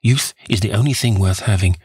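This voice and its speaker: A man reading a novel aloud, voicing a vain young man who despairs over losing his youth, in a pleading, husky voice. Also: on the low side, brisk, a little mellow, dry recording, clean studio sound. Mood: anguished.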